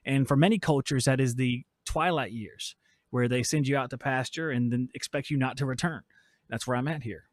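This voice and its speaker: A man's voice: mid-range voice, fairly quick, no room sound, clean studio sound. Joking middle-aged man hosting from his shop. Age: 40s. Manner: joking, rambling, reads chat aloud. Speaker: podcast host. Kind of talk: casual live stream chat. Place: workshop. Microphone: switches mics midway.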